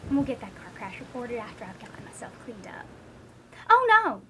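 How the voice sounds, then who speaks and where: A woman's voice: fairly high pitch, sing-song, a little fast, sharp tone, a little hiss or hum, low-quality recording. A woman doing a fussy vampire librarian with a put-on accent. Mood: flustered, genteel. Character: genteel, flustered female vampire librarian.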